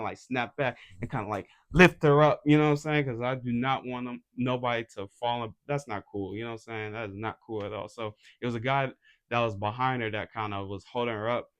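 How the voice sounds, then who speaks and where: Young dude from atlanta rambling on his vlog, chill and slangy, mid-pitched voice. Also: a bit bright, clear, resonant tone. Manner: laid-back slangy rambling, full of "you feel me". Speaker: unsigned model and vlogger. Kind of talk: casual vlog chat.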